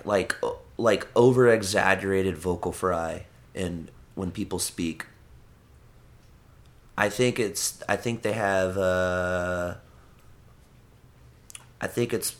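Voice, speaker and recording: A man with a lowish voice talks casually as a podcast guest. He rambles, swears freely and keeps restarting his sentences. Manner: rambling and profane, with frequent restarts. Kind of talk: casual chat.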